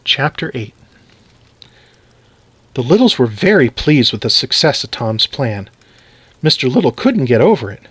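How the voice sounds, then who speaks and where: A man reading a children's story aloud in an animated, expressive way. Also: mid-range voice, a little slow, pauses often, slightly rough, dry recording.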